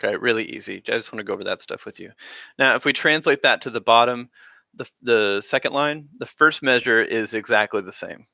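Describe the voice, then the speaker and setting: A man with a brisk, gravelly, mid-range voice and a sharp tone teaches a band class over a live stream, explaining rhythms in a casual, rambling way packed with fillers. The audio is studio quality with no echo.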